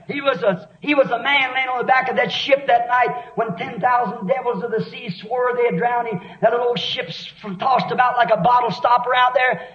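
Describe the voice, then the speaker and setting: Man, preacher, fervent sermon, shouting at times, very high voice, muffled old recording.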